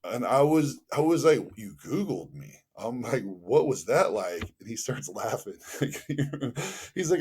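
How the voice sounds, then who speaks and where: A man from the Los Angeles area, a podcast guest telling stories in a casual, animated way, acting out quoted dialogue and using lots of fillers. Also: medium pitch, takes it slowly, breathy edge. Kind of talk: casual storytelling.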